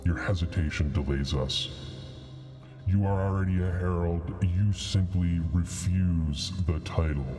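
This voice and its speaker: A man's voice: deep voice, darkish tone, faint music behind, voice pushed down. A man voicing a sinister disembodied voice that whispers cold, commanding pronouncements in a tabletop game. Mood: ominous. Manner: slow, ominous pronouncements.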